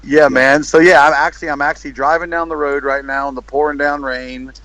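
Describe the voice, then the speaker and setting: A man's voice: a little high, level tone, a little fast, fairly bright tone, rough recording. A man talking as a podcast guest over a call from his car, laid-back and casual, often calling people "man". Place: car in the rain.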